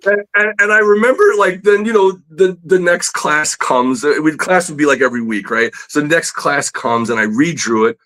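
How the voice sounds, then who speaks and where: A man, a comic book artist appearing as a guest, telling a story in a casual, animated way with frequent laughs and fillers. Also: on the high side, moderate pace, low-quality recording. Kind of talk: casual storytelling in a podcast interview.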